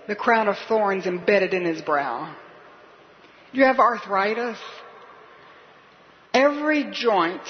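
A woman preaching a sermon with earnest emphasis, slowing and softening on key words and asking listeners direct questions. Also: medium pitch. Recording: slightly muffled recording with faint hiss.

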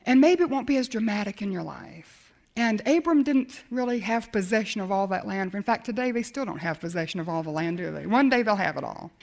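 A middle-aged woman preaching, telling a personal faith story with lively acted-out dialogue. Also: medium pitch, creaky. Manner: animated storytelling, acts out dialogue. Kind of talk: sermon storytelling.

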